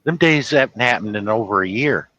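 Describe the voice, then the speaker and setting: Man, livestream host, chatty storyteller, bright forceful tone, dry close sound. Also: on the low side, lively intonation, no room sound, dull audio. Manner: laughing storyteller doing quick impressions of characters. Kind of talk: casual chat, retelling movie scenes.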